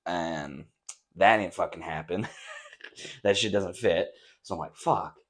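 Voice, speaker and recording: A man's voice: low-pitched, a little slow. A young man hosting a casual solo podcast, rambling and swearing freely in a near-empty, echoey bedroom, recorded on a camera set some distance away. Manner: profane, rambling, laid-back. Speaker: podcast host. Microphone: camera set on a stack of drawers some distance away.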